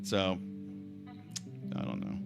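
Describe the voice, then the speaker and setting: A man's voice: slow, faint music behind. A man hosting a livestream, telling a story in a casual, chatty way with lots of filler words and the odd swear. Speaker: livestream host.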